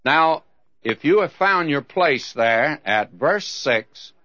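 A man gives a radio Bible teaching in a folksy, plainspoken way, as if chatting with friends. His voice sits a little high for a man. The recording is dull and lo-fi, like an old broadcast. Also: expressive, slow pace, bright, forceful tone.

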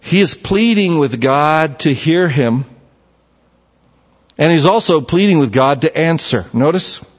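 A man preaching a sermon in an earnest, emphatic way, with long pauses, recorded in a church sanctuary. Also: on the high side, expressive. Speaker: pastor. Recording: dull lo-fi sound with long hall reverb.

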